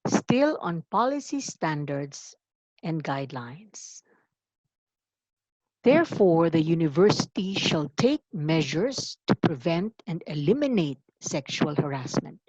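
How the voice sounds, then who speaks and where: A woman giving a formal orientation lecture, deliberate and emphatic, stressing key words. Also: sits low, big pitch swings, darkish tone, no room sound, lo-fi sound. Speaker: university anti-harassment office coordinator.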